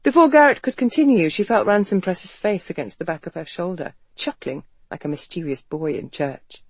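Measured audiobook narrator, dry sound. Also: medium pitch, husky, dry recording. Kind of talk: scripted narration.

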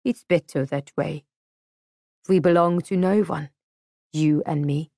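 A woman voicing a blunt, scornful young female captive who speaks in a harsh, flat way. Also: low-pitched, slow pace, no room sound, studio quality, exaggerated voice.

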